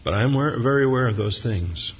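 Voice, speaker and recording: A man's voice: medium pitch, expressive, brisk, breathy edge. A man preaching a sermon as pastor, telling family stories with humor before turning earnest and reflective. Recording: dull lo-fi recording in a reverberant hall.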